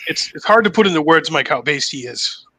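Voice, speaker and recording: A man from Boston co-hosting a casual podcast, bantering excitably with slang and swearing. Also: a little high, a little fast. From Boston, USA. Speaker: podcast co-host.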